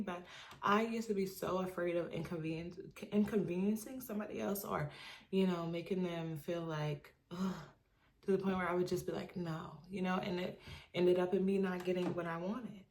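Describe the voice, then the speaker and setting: A woman's voice: fairly low pitch, a little mellow, a little hiss or hum. A young adult woman talking casually to camera in an emphatic, chatty way, often asking "you know what I mean". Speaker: vlogger. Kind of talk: casual advice monologue to camera.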